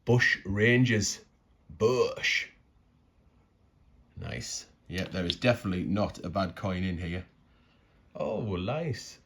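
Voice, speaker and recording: A man's voice: fairly low pitch, unhurried, pauses often, a bit bright. A man musing aloud in a casual unboxing commentary, chatty and tripping over words. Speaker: coin collecting vlogger.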